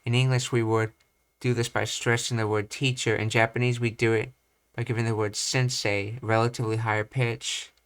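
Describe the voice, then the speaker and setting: A young man reading and commenting on language study material, thinking aloud with halting restarts. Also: medium pitch, little pitch movement, a bit bright, clean tone. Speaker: language teacher.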